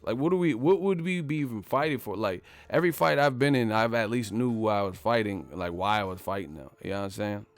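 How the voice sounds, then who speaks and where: A man's voice: lowish voice, lively intonation, fast talker, few pauses, no echo, faint music behind. A man hosting a boxing vlog who rants casually in heavy street slang, cursing, repeating himself and laughing often. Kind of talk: casual profane rant.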